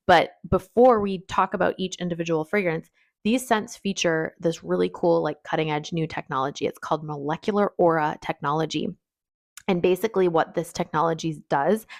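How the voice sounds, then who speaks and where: A woman with a slightly low voice talks casually through a long list of perfume notes. She is chatty and quick to laugh at her own pronunciation. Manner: chatty, rattles off lists, laughs at own French. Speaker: fragrance reviewer.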